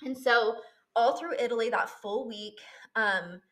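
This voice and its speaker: Young woman, higher-pitched voice, candid personal vlog, emotional, blunt. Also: measured pace, fairly bright tone. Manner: candid and emotional, swears freely. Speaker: vlogger. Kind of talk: personal storytelling.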